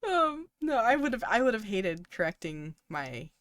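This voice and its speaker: A woman's voice: medium pitch, big pitch swings, unhurried, a bit bright, dry recording. A young woman co-hosting a podcast, telling a long story casually with many ums and likes and frequent laughs. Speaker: podcast co-host.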